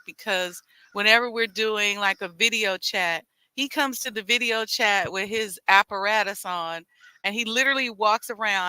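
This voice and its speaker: A woman's voice: mid-range voice, pushed and bright, clean tone, dry recording. A woman hosting a live talk outdoors, chatting in a folksy way with a Chicago accent, speaking into a headset mic. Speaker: host. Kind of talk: live-streamed casual talk.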